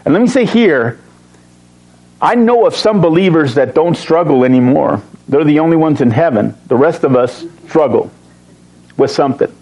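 A man teaching a Bible study, reading verses slowly and stressing key words, with joking asides to his class. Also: a little high, expressive, a little mellow, low-quality recording. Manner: emphatic, slows to read verses, joking asides.

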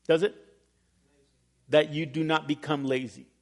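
A middle-aged man preaching a sermon as pastor, telling a personal story with humor and animated emphasis. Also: on the high side, a little slow. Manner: storytelling, animated, laughs at himself.

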